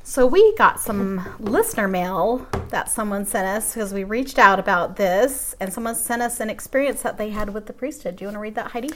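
A woman's voice: mid-range voice, animated, brisk, few pauses, slight background noise. A woman co-hosting a podcast in casual chat, making sarcastic, mocking comments. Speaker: podcast co-host.

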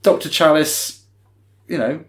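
A man's voice: fairly high pitch, unhurried. A man co-hosting a podcast, chatting casually as he recaps a film scene by scene. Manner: chatty, retells scenes in quoted voices. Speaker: podcast co-host. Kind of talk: casual film-review chat.

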